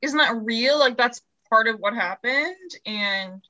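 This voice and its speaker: Podcast woman, highish bright voice, quick playful reactions. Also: dull audio. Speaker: podcast co-host. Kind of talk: casual chat.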